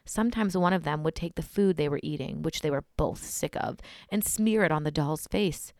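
A woman's voice: sits low, normal speed, darkish tone, dry recording, studio quality. A woman podcast host reading a scary story aloud in a casual, blunt way. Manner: casual and blunt, swears in asides.

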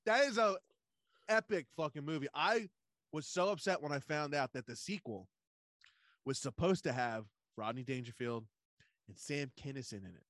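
A man in loose conversation, telling stories with lots of swearing and energy. His voice sits a little high. The recording is dry and close, with no room sound. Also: moderate pace, dry recording. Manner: animated storyteller, swears a lot, acts out movie quotes. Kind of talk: casual chat.

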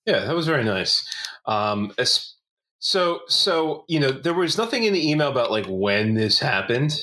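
A podcast co-host rambles and jokes through casual chat, swearing, restarting sentences, and using lots of fillers. His mid-range voice swings widely in pitch, sounding pushed and bright at a moderate pace.

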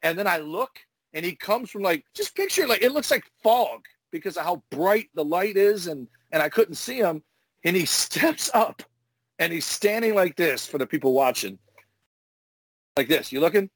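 A man, a former wrestler, telling profane, animated stories in casual podcast chat. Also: high voice, normal speed, no echo. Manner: profane, animated storyteller acting out moves. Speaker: retired pro wrestler, podcast host.

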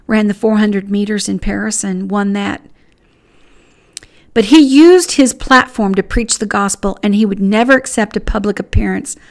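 A woman hosting a Christian commentary podcast, speaking in an earnest, pointed, conversational way. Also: medium pitch. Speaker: podcast host.

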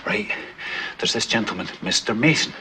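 A man's voice: lowish voice, expressive, moderate pace, pushed and bright, a little hiss or hum. An actor playing an out-of-work husband with a Scottish accent, who insists defensively to his wife during a film scene. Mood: defensive, insistent. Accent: Scottish, put on. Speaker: film character. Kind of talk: film dialogue.

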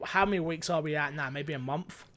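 A man's voice: on the high side, a little fast, a bit bright. A young man co-hosting a casual gaming news chat, reading out stories with frequent stumbles and a playful, rambling manner.

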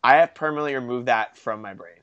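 A young man co-hosting a casual sports podcast, telling stories in an animated, self-mocking way. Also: medium pitch, quick pace, smooth, dull audio. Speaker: podcast co-host.

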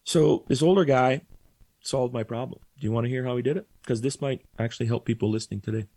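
A man on a podcast telling a story casually, with animated delivery and acted-out quotes. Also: mid-range voice, fast, no echo. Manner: animated, acts out quoted voices. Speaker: podcast guest.

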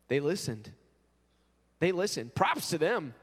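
A male pastor preaching a sermon in an animated way, acting out quotes. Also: high voice, measured pace, big-room sound.

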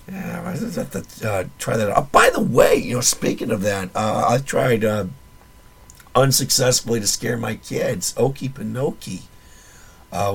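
Male podcast host with a low, worn-out voice, nearly gone; rambling, wry, casually profane. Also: gravelly, husky.

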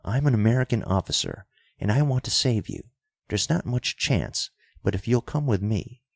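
A man's voice: lowish voice, expressive, moderate pace, gravelly, slightly rough, no echo, clean studio sound, heavily acted. A man voicing a bold young male officer who gives urgent commands in the middle of a fight. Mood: firm.

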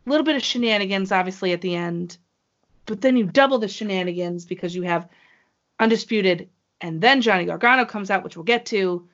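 A woman co-hosting a casual podcast chat, talking in an excitable, gushing way. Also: mid-range voice, brisk, lo-fi sound. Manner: excitable, gushing fan talk. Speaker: wrestling show co-host.

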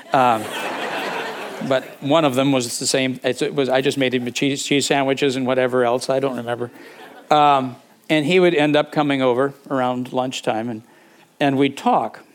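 An older man preaching, telling a personal story conversationally, with frequent restarts and acted-out moments. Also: medium pitch. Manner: conversational, with repeated words and fillers; animated, acting out the people in his stories. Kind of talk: sermon storytelling.

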